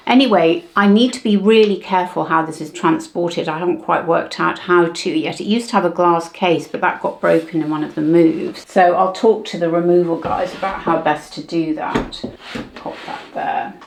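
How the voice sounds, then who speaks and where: A woman in her seventies chats her way through old family keepsakes in a relaxed vlog. Her voice sits fairly low and has a gravelly edge. She reminisces as she talks. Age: 70s. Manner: chatty, reminiscing while sorting keepsakes. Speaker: vlogger. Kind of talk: casual vlog.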